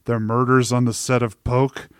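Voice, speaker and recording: A man's voice: medium pitch, little pitch movement, moderate pace, no echo. Male podcast co-host, mid voice, riffing comic style, dry close recording. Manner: jokey, riffing, heavy on fillers like "like" and "um". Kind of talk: casual movie review chat.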